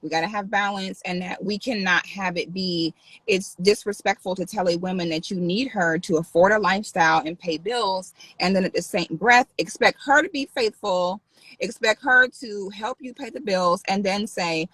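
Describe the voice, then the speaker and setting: Husky sassy woman, chatting on a livestream, dry close sound. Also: mid-range voice, moderate pace, no room sound, poor audio. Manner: animated, sassy, exaggerated outbursts. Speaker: vlogger. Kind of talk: casual livestream talk.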